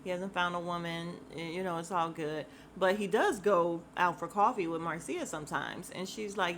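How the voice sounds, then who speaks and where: A woman hosting a podcast, recapping a reality show in a blunt, animated, casual way with laughing asides. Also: fairly low pitch, moderate pace, few pauses, a little hiss or hum. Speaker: podcast host.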